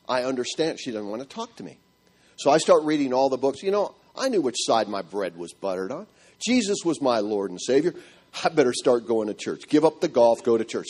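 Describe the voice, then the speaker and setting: A middle-aged man telling a church audience his marriage story in an animated, storytelling way. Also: medium pitch. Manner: animated storytelling, acting out quotes. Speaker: speaker giving a marriage testimony.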